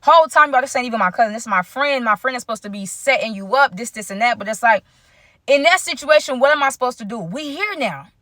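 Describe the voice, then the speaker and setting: A woman's voice: on the high side, a bit bright, no room sound. Young woman vlogger, chatty storyteller, speaks to her audience, dry mic. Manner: chatty, keeps addressing viewers directly. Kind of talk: storytime vlog.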